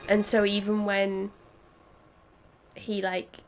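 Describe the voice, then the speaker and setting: A woman's voice: mid-range voice, completely flat delivery, slow, slight background noise. A woman co-hosting a game stream, chatting casually in a rambling way with lots of fillers. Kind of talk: casual chat over a game.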